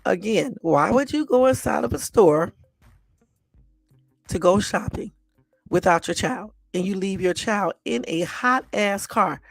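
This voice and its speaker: A woman's voice: mid-range voice, animated, measured pace, vocal fry, dry recording, faint music behind. A woman hosting a live stream, reacting bluntly and with exasperation to news clips, repeating herself and swearing casually. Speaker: channel host.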